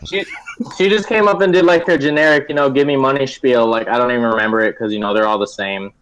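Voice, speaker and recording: A man's voice: medium pitch, fast, a bit bright, rough recording. A young man chatting casually on a friends' podcast, blunt and crude in his remarks. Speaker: podcast co-host. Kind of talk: casual chat among friends.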